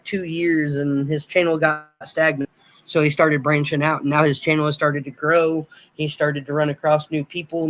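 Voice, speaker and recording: Monotone man hosting a livestream. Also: on the high side, poor audio. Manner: hesitant, many fillers, thinks aloud while clicking around. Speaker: livestream host. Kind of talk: casual livestream chat.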